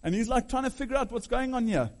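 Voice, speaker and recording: A man preaching a sermon, animated, humming tunes and questioning his listeners. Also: very high voice, fast talker. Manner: animated, hums and sings melodies aloud; asks the audience questions.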